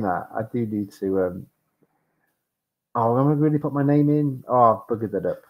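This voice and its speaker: A man's voice: medium pitch, lively intonation, moderate pace, muffled recording. A man streaming a retro game, narrating his play with flustered, self-mocking exclamations. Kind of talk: live gameplay commentary.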